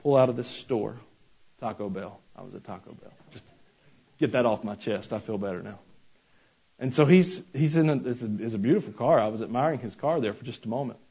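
A man's voice: medium pitch, a little fast, creaky, warm tone, slightly rough, muffled recording. A man preaching a sermon as pastor, mixing scripture with folksy personal stories and asides to the congregation.

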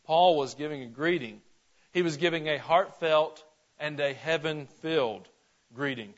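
Folksy Southern-raised preacher, muffled recording. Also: male voice, a little high, measured pace. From Georgia. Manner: folksy, asks the congregation questions, frequent restarts. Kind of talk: conversational sermon. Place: church sanctuary.

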